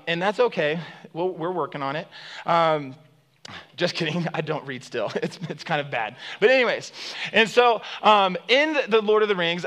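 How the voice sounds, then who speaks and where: A man's voice: on the high side, a bit bright. A man preaching a sermon as pastor, conversational and joking with many fillers, retelling stories with emphatic rises.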